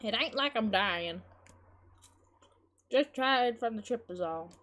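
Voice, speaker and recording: Woman voicing a gruff stubborn old grandmother. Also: medium pitch, lively intonation, a little fast, close to an everyday voice. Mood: snappy. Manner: gruff, scolding, swears.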